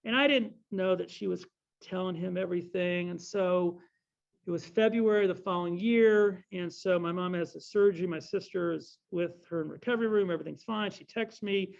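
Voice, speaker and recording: Middle-aged male speaker, rambling storyteller, gravelly, slightly muffled recording. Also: high voice, normal speed. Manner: rambling storyteller, self-correcting. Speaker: guest speaker. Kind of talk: anecdotal talk with Q&A. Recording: dull lo-fi recording.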